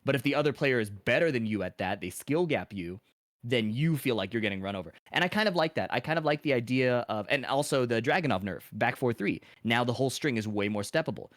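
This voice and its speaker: Thoughtful, measured male podcast guest. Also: medium pitch, lively intonation, fairly bright tone, no room sound, clean studio sound. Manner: thoughtful, measured, restarts phrases. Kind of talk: casual analytical podcast talk.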